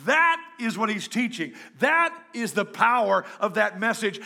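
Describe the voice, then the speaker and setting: A middle-aged pastor preaching a lively sermon to his congregation, breaking into hymns and joking with the crowd. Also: high-pitched, measured pace, gravelly, hardly any pauses. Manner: animated preaching, sings hymns and jokes with the congregation. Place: church before a congregation.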